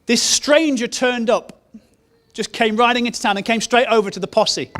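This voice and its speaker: A man's voice: very high-pitched, normal speed, fairly bright tone. A man preaching a sermon, telling a story in an earnest way and repeating key phrases. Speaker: pastor.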